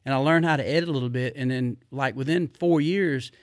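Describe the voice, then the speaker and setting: A middle-aged man, telling rambling stories in a casual, animated way, full of fillers. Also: mid-range voice, fairly quick, no echo, clean studio sound. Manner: rambling, animated, drawling Southern speech with repeated fillers. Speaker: podcast guest. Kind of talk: casual storytelling.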